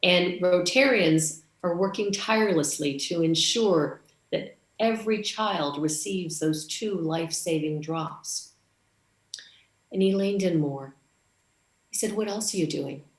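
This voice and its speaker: A woman's voice: on the low side, slow pace, echoey room. A woman from Canada giving a conference speech, telling a story and acting out the dialogue. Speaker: conference speaker.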